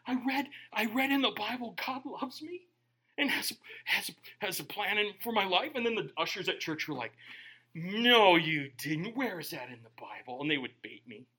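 A middle-aged man preaching a humorous sermon, joking with the congregation and swinging between quiet asides and loud bursts. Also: fairly high pitch, normal speed. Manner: animated, joking, bursts of shouting.

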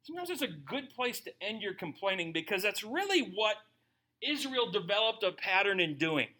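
A man preaching a sermon to his congregation, animated and conversational, often slipping into acted-out voices of the people in his stories. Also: sits high, normal speed. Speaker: pastor.

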